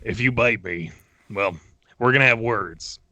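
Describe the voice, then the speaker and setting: A man's voice: on the low side, measured pace, pushed and bright, no room sound. A man voicing a small, grubby man aboard a ship in a tabletop game, sighing and wry. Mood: weary.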